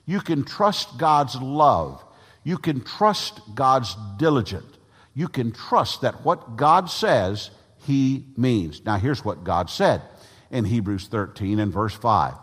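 A male pastor preaching a sermon in a church, emphatic, often clearing his throat and leading the congregation to repeat lines after him. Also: mid-range voice, sing-song, takes it slowly. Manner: emphatic, leads congregation call-and-response. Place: church sanctuary. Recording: long reverb of a church hall.

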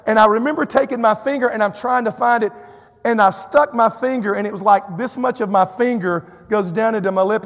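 This sermon comes from a Texan man talking a little fast in a high, gravelly voice. He animatedly recounts a personal story and acts out everyone's lines, sprinkling in drawling "you know" asides while the church hall lends his voice a long reverb.

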